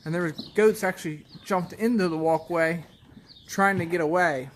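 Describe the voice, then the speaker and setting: A man who farms goats, telling a story in a plainspoken, halting way, often restarting his sentences. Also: on the high side, slight background noise. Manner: plainspoken, halting, shaken retelling. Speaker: goat farmer. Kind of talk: casual storytelling.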